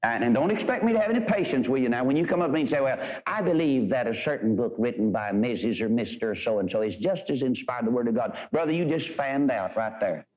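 A man's voice: mid-range voice, animated, quick pace, hardly any pauses, a little mellow. Fiery male preacher, dull lo-fi recording. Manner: emphatic, fiery preaching that swings between quoted scripture and blunt talk. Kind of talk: fervent revival sermon. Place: church. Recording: dull lo-fi archival sermon recording.

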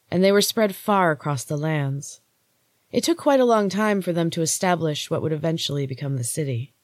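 Grave, hushed golden goddess with a low, measured delivery, read by a woman; storybook reading, dry close sound. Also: no room sound. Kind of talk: audiobook-style story reading.

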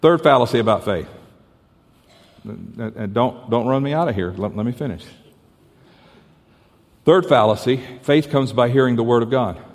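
A man's voice: mid-range voice, moderate pace, creaky, long pauses. A male pastor preaching a sermon, telling stories with stammered restarts and playful asides. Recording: hall reverb.

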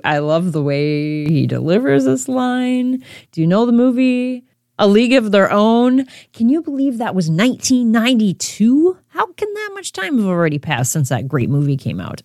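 A woman's voice: medium pitch, very animated, a little slow, darkish tone, no room sound, studio quality. A woman hosting a casual quiz podcast, chatting straight to the listener. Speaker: podcast host.

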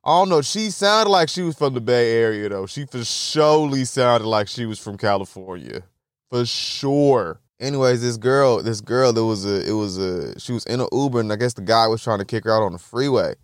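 A man's voice: mid-range voice, animated, normal speed, dry recording, studio quality. A young man hosting a solo podcast, telling stories in a loose, profane, rambling way and laughing often. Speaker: podcast host. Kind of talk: casual solo podcast storytelling.

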